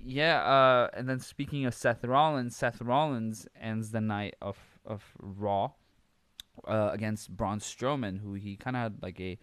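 Rambling man with a low, dry voice. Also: a bit bright, clear, resonant tone, no room sound. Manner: rambling, casual, swears, frequent fillers. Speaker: podcast host. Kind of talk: casual solo commentary.

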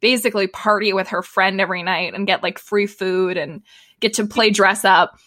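Bright chatty woman recapping a tv show, lots of ums and laughs, dry close sound. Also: mid-range voice, steady tone, normal speed, no room sound. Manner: chatty, laughs often, many fillers. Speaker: podcast co-host. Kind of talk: casual chat recapping a TV episode.

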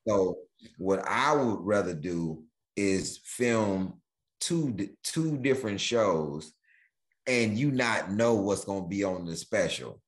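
A man, a guest comedian, telling stories in casual chat, animated and riffing. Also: on the low side, slow. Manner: animated, riffing, jumps into bits.

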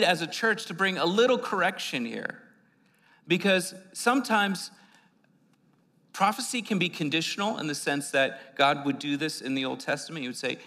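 A man's voice: a little high, bright, forceful tone. A man preaching a conversational sermon in a church, often repeating words and using fillers as he goes. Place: church sanctuary. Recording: long hall reverb.

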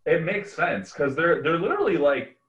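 A man's voice: a little high, very animated, normal speed, fairly bright tone, highs cut off. A man co-hosting a podcast in laid-back casual chat, filling his sentences with "like". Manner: laid-back, peppers speech with "like". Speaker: podcast co-host. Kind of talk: casual chat about movies.

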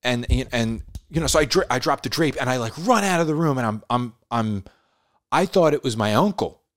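A man, a podcast host, casually telling a story in a laid-back way, dropping "dude" and "like" often and building drama with pauses. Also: mid-range voice, dry recording, clean studio sound. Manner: animated, dramatic retelling with pauses.

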